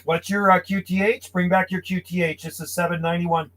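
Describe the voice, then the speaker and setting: A man's voice: sits high, flat delivery, brisk, heavy background noise. A man, a friendly and chatty CB radio operator calling out call signs from his home radio room. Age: 50s. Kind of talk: casual radio calls and chat.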